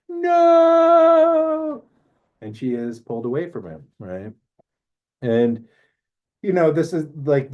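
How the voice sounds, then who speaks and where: A man's voice: lowish voice, dark tone, lo-fi sound. A man hosting an astrology talk show, rambling casually and often asking "right?". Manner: rambling, filler-heavy, keeps asking "right?". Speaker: astrology podcast host.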